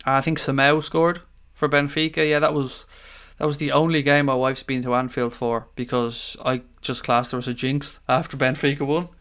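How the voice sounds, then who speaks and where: A man's voice: mid-range voice, flat delivery, moderate pace, few pauses, fairly bright tone, smooth. An Irish man hosting a casual live stream, reading out viewer comments and greeting people as mate and buddy. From Ireland. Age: adult father of young children.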